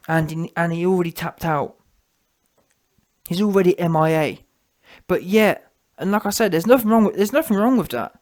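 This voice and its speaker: A man ranting scornfully in a boxing commentary vlog, animated and repeating himself for emphasis. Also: high-pitched.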